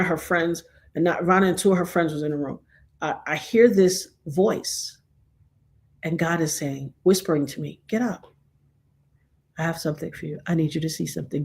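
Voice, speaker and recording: A woman in her forties vlogs from home, telling a personal story that swings sharply in emotion, from hushed tones to excited shouting. Her voice is medium in pitch.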